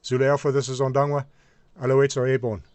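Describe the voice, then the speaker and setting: A man voicing a brisk base radio controller giving clipped radio calls. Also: medium pitch, level tone, a little mellow, no echo, voice pushed up, close to an everyday voice.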